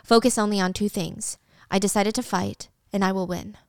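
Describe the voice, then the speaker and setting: A woman reading the lines of a gentle young male executive in a calm, measured way. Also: mid-range voice, no echo, studio quality, natural voice.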